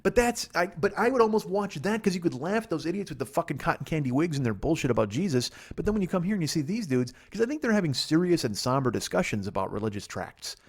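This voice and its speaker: A man's voice: fairly high pitch, big pitch swings, fast talker, few pauses, breathy edge. A man doing a rambling comedic podcast monologue, profane and sardonic, recorded in a house where he is staying. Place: guest room in a friend's house.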